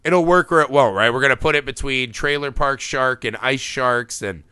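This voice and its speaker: Bright-voiced man, animated podcast chatter. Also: medium pitch, normal speed, clear, resonant tone, no room sound, clean studio sound. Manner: animated, laughs often, swears casually. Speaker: podcast host. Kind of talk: casual podcast film chat.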